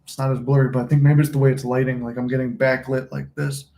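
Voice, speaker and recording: A man's voice: mid-range voice, flat delivery, quick pace, vocal fry, warm tone, a little hiss or hum. A man hosting a manifesting channel, chatting loosely and with some swearing on a phone livestream. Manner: rambling, loose and profane. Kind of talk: casual livestream chat. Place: room at home, smoking a cigar. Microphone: phone recording. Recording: echoey room.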